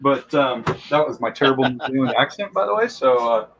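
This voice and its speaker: A man's voice: medium pitch, animated, a little fast, a bit bright, breathy edge. Brief: an easygoing man demoing his crafting tools, chatty with lots of fillers, slightly muffled sound. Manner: enthusiastic, rambling, many fillers. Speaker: costume and prop maker guest. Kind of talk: casual how-to talk.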